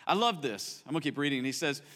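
A man preaching a sermon in a bright, forceful voice that sits a little high for a man. He is animated and acts out the people in his story, then drops to a soft, quiet tone when he turns reflective. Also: fast. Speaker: pastor.

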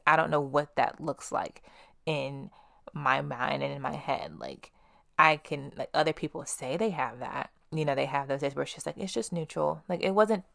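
A young woman in her twenties hosts a personal podcast, speaking in a low voice with a gravelly fry. She vents candidly, swears freely and leans on "like" and restarts, and the recording sounds dry and close. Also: no echo. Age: 20s. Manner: blunt and profane, filler-heavy, venting. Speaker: podcast host.

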